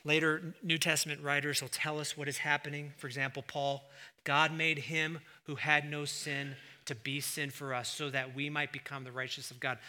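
Man, pastor, sermon, high pitched, very bright tone, rhetorical questions, hushed lows and loud peaks. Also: level tone. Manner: swings between hushed, slow emphasis and loud, raised exclamation; asks the congregation rhetorical questions.

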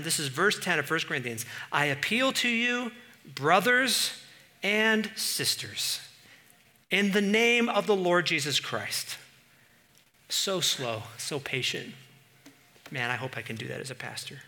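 A middle-aged man preaching a sermon as pastor, animated, swinging from quiet asides to loud bursts. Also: fairly high pitch.

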